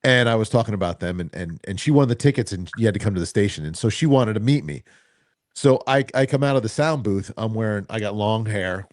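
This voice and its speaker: A low-pitched man from New Jersey co-hosts a casual podcast, telling stories with lots of energy. He jumps into the voices of the people he quotes. The sound is close and dry, with no room around it. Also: a little fast, no room sound. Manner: animated storyteller, acts out quoted voices. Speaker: podcast co-host.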